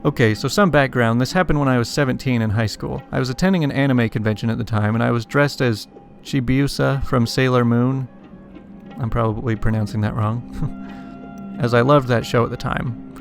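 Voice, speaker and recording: Gravelly-voiced man reading stories aloud. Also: medium pitch, moderate pace, faint music behind. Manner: casual, stops to comment and apologize for the text. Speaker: story reader and YouTuber. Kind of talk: reading online stories with commentary.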